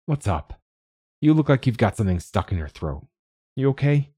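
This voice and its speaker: A man voicing a husky, encouraging storybook dad. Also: medium pitch, big pitch swings, moderate pace, warm tone, voice pushed up. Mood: concerned. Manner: reassuring, earnest pep talk. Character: supportive middle-aged father, encouraging, affectionate. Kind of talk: audiobook dialogue.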